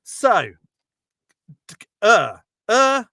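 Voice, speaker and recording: A man telling a Bible story as a rambling, profane, jokey comedy podcast bit, slipping into quick character voices. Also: sits high, sing-song, pushed and bright, no echo, clean studio sound.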